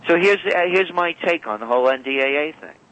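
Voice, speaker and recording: Bright-voiced man telling rambling stories. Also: fairly high pitch, animated, quick pace, poor audio. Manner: rambling, self-correcting anecdotes. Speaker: guest. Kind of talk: storytelling interview talk. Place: radio call-in or studio.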